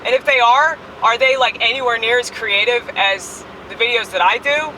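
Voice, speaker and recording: Inside a moving car, a woman holds her phone camera and delivers a crude, rambling vlog rant full of profanity, brash as an online comedian. She speaks at normal speed with a sharp, highish voice, distant from the mic, and the low-quality audio has some hiss or hum.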